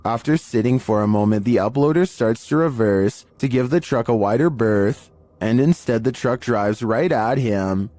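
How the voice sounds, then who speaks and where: A man giving scripted narration of eerie video clips in a measured, even storytelling delivery. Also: mid-range voice, dry recording. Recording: faint music bed under voice.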